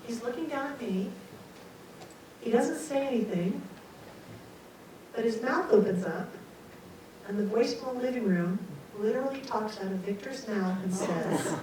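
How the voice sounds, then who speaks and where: An older woman giving a talk, telling a personal story in an animated way, acting out what she thought and laughing along. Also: fairly high pitch, measured pace, pauses often. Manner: animated, acts out her own quoted thoughts and laughs. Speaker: guest speaker. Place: meeting room at a talk. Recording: very echoey hall, mic far off, faint hiss.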